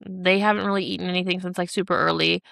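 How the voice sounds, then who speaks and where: Woman in her thirties, casual podcast chat, gravelly voice, dry close sound. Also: fairly low pitch, fast talker, dry recording. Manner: animated storytelling with swearing and acted-out quotes. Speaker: podcast co-host.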